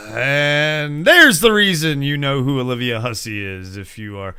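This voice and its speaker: The host, an American in his forties, speaks slowly and expressively in a medium-pitched voice that is gravelly, bright and forceful yet clean. He rambles through a casual entertainment news chat, swearing and laughing a lot.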